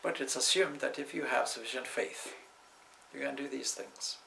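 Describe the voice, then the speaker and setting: A man's voice: medium pitch, moderate pace, vocal fry, bright, forceful tone, slight background noise, poor audio. A man, a swami, giving a spiritual talk indoors in a discursive way, weaving in stories and side remarks. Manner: discursive, with asides and restarts.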